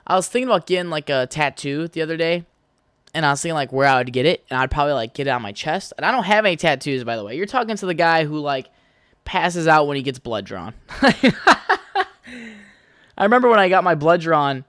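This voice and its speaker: A man's voice: fairly high pitch, fairly bright tone, smooth, dry recording, studio quality. Rambling, foul-mouthed young man. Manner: crude, rambling, swears freely. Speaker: podcast host. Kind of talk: casual solo podcast rambling.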